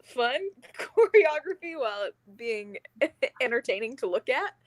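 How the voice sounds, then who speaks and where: A young choreographer answers questions over a video call, bubbly and laughing between her words. Her slightly high voice rises and falls lively and sounds dry and close. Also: unhurried, no echo. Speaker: choreographer and cast member. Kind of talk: casual video-call interview.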